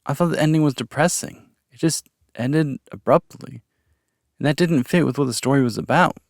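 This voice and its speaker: A man's voice: mid-range voice, moderate pace, vocal fry, no room sound, studio quality, voice pushed up, lightly acted. Man voicing an earnest captive young man. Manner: earnest, careful.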